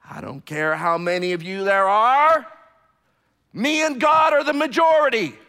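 A man preaching a sermon, emphatic and repetitive, swinging from hushed tones to shouting. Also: high-pitched, unhurried, clean tone. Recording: long hall reverb.

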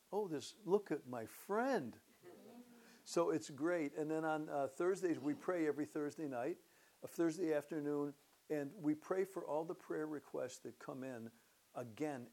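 An older pastor with a medium-pitched voice gives a church announcement and his personal testimony. He starts relaxed and conversational, then warms into animated storytelling.

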